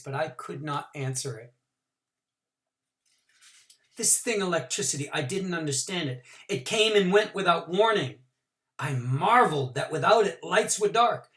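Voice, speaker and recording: Bright-voiced male teacher reading aloud. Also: sits high. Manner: expressive reading, with voices for the quoted characters; adds short explanations for listeners. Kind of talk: reading a novel aloud to a class. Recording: voice picked up from a distance from the mic.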